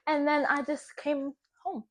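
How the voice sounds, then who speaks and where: A young woman vlogger chatting casually while baking at home, animated and profane, laughing often as she talks. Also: sits high, measured pace.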